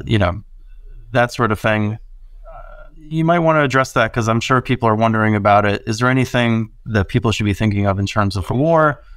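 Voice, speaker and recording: Podcast cohost guy, lowish voice, dry sound, explains stuff earnestly. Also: fairly bright tone, no echo. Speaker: podcast co-host. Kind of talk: casual podcast chat.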